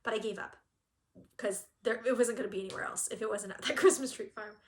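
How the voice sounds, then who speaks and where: A woman's voice: on the high side, fast. A woman from Southern California co-hosting a cross-stitch channel, telling a story in casual chat and acting out quotes with laughter. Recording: echoey room.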